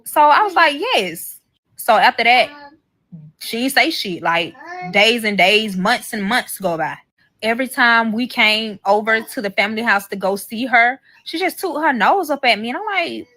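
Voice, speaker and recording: A woman's voice: fairly high pitch, expressive, moderate pace, bright, forceful tone. A woman telling a personal story in a casual storytime monologue, blunt and profane, talking straight to her viewers. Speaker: storyteller in a played clip.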